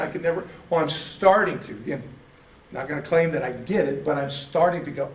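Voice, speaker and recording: A man's voice: a little high, brisk, slight background noise. An American man teaching an informal church class, rambling and correcting himself in a folksy way. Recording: echoey room, mic at a distance.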